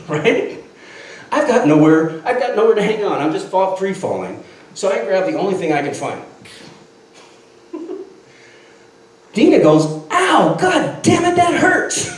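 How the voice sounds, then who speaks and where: A man in his fifties telling a comic tall tale with lots of laughter. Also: on the high side. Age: 50s. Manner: animated, laughing often. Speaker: storyteller. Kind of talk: comic storytelling skit. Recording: echoey room from far off, faint noise.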